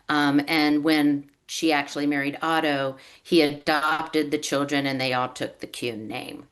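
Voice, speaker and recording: A woman author speaking over a video call, telling her family's story in a storytelling way and acting out what her relatives said. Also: low voice. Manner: storytelling, acts out quoted relatives. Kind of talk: reading prepared remarks on a video call.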